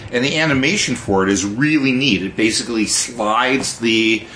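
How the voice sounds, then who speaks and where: A man co-hosting a casual tech podcast, unhurried and hesitant, with many ums and restarts as he explains features. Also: medium pitch, pushed and bright, a little hiss or hum. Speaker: podcast co-host.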